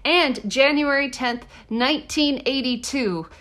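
Woman, podcast co-host, casual chat, sarcastic, jokey, fairly high voice. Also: a little slow, fairly bright tone.

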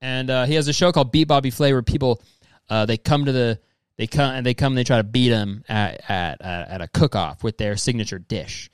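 A man's voice: mid-range voice, fairly quick, smooth, no echo. A young man hosting casual comedic commentary, reading messages aloud and riffing on them in a profane, rambling way, often putting on mocking voices. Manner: profane, rambling, says "dude" constantly; mocking, slips into exaggerated quoted voices.

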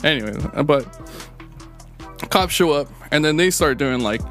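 A man's voice: on the high side, animated, moderate pace, pauses often, a bit bright, faint music behind. A man co-hosting a casual podcast, telling rambling, profane stories packed with fillers. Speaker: podcast co-host. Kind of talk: casual storytelling chat.

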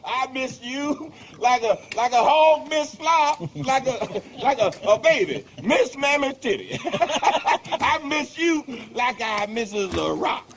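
An actor playing a sharp-tongued old male house servant in a film, with a cackling, scornful drawl. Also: very high voice, animated, slow, few pauses, a little hiss or hum, heavily acted. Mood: mocking. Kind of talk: film drama.

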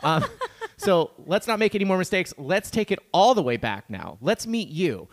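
A man's voice: high-pitched, big pitch swings. A man hosting a podcast, chatting casually and asking his guest questions. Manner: fast, chatty, self-deprecating. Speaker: podcast host.

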